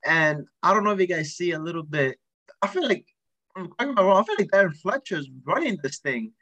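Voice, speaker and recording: A man's voice: high voice, animated, fairly quick, bright, forceful tone, poor audio. A man hosting a casual podcast chat, asking questions and steering the talk to others. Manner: questioning, leads the discussion. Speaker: podcast host.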